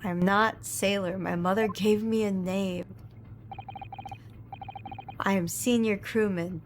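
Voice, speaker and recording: Brief: a slow, rude Russian guard on a ship, broken English, proud and curt, played by a woman streamer. Noisy background. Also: medium pitch, fairly even intonation, close to an everyday voice. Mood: gruff. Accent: attempted Russian.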